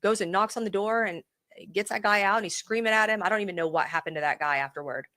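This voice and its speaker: A woman, a real estate consultant, telling a dramatic story in a casual interview, animated and laughing often. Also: mid-range voice, fast talker, dry recording.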